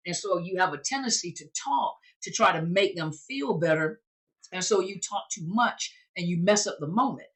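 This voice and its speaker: A woman's voice: fairly low pitch, normal speed. A woman therapist and recovery coach giving an informal teaching talk, conversational and repeating phrases for emphasis.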